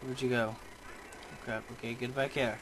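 Against a noisy backdrop, a young man narrates his shooter gameplay in a medium-pitched voice at a slightly slow pace. This let's play sees him muttering excitedly and erupting in frustration.

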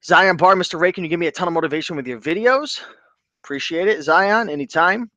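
A man with a high voice talks fast, hosting a reselling live stream where he chats loosely and reads out viewers' comments with lots of enthusiasm. He's animated, shouting out the comments, and the muffled recording has no room sound.

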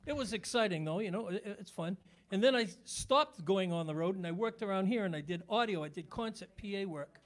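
A man's voice: high voice, lively intonation, brisk. An older man from New England, a guest musician and entertainer, chatting easily in an interview and chuckling as he rambles through his stories. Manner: easygoing, rambling, chuckles between lines. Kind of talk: casual interview chat.

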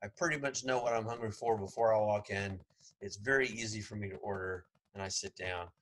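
A male professor lectures to a class in a low, easygoing voice, full of fillers and the odd sarcastic aside. He talks in a loose, conversational way rather than reading from notes. Faint clicks sit behind him. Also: steady tone, brisk, fairly bright tone, a little hiss or hum, rough recording. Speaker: college psychology professor.

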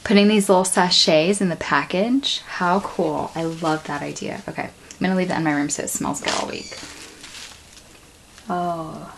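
A woman's voice: lowish voice, steady tone, normal speed, vocal fry, background noise. A woman in her thirties unboxing a craft package at home, gushing with gasps and breathless exclamations. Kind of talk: excited unboxing chat. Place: home room.

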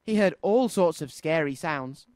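A man presenting a children's radio show, reading a storybook aloud in an expressive, sing-song way. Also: fairly high pitch, a little slow, dry recording.

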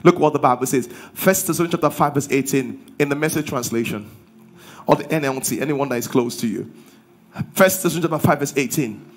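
A man's voice: medium pitch, fast talker. A man preaching a sermon as pastor. He drives his points home with rhetorical questions and call-and-response.

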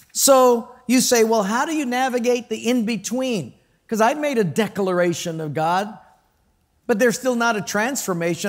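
A male pastor preaching a conversational sermon, telling stories and asking the congregation questions. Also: sits high. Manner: storytelling, conversational, asks the crowd questions; acts out quoted voices with laughter.

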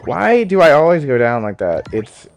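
A man giving casual, excitable commentary while playing a snowboarding game, swinging between mutters and shouts. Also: on the high side, moderate pace, gravelly, dull audio. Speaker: gaming YouTuber. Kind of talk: casual let's play commentary. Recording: game music behind.

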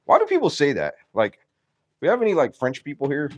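A man vlogging outdoors while feeding his farm animals, excitable and out of breath, laughing and talking to the animals as he goes. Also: a little high, a little fast.

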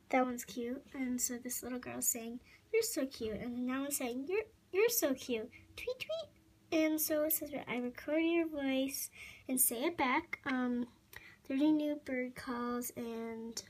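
A woman casually unboxing a toy, gushing over how cute it is and filling pauses with lots of ums, recorded on a phone. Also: high-pitched. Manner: hesitant, full of ums, gushing over cuteness. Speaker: toy reviewer. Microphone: phone camera.

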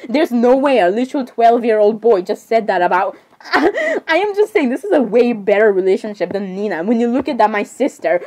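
A young woman giving excitable, dramatic casual commentary, often repeating exclamations and laughing. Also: fairly high pitch, moderate pace. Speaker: narrator voicing characters.

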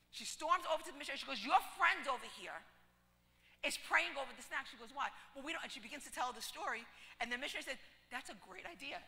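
A woman pastor telling a story in a children's sermon, acting out the dialogue and swinging from hushed tones to loud calls. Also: a little high, in a large hall. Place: large church hall.

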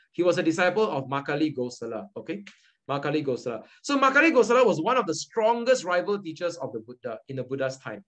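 Over a video call, a young Malaysian English-accented man leads an online Buddhist study group, patiently going over points again and again and peppering his talk with "okay" and "all right." His voice is a little high and a bit bright, in a low-quality recording.

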